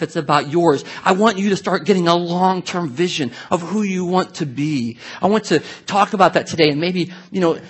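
A pastor with a high, slightly rough voice preaches a sermon. He speaks conversationally, telling stories and filling them with asides to the congregation.

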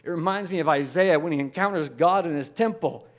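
A man preaching a sermon, animated, acting out the voices of the people in the story. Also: on the high side, brisk. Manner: animated, acts out voices of biblical figures. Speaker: pastor.

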